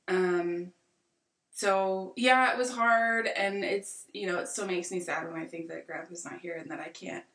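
A woman's voice: fairly low pitch, fairly bright tone, reverberant, distant mic. A young American woman in her twenties, a podcast guest, talking reflectively in a rambling, casual way with many fillers. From United States. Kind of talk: casual conversation.

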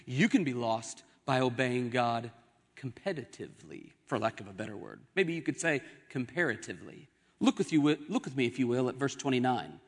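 A young adult man preaching a sermon as pastor, with emphatic rises and dramatic pauses. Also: medium pitch, expressive. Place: church sanctuary. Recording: long hall reverb.

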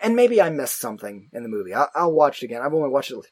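A man chatting casually about movies as a podcast co-host, rambling and self-mocking with animated asides. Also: medium pitch, very fast, husky, no echo.

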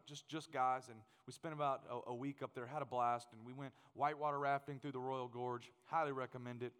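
A man preaching a sermon, telling a funny story in an animated way and acting out the scenes. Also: mid-range voice, clean tone. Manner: animated, humorous, acts out scenes. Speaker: pastor. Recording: long hall reverb.

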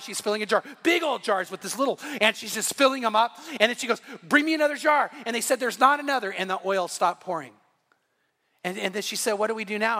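High, bright-voiced preaching man in a hall. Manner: animated storytelling, voicing God and Bible figures. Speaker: pastor. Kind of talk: sermon. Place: church sanctuary.

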